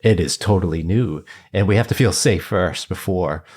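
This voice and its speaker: Very deep-voiced man hosting a podcast. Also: normal speed, a little mellow, a little hiss or hum. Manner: playful, affirming, fond of jokey asides. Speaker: podcast host. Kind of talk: casual podcast chat.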